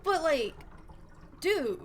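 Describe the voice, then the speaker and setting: A woman's voice: high-pitched, big pitch swings, extremely slow, noisy background. A young woman streaming a game live, talking to chat while she plays, exclaiming, swearing and ranting about her teammates. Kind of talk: live gameplay commentary.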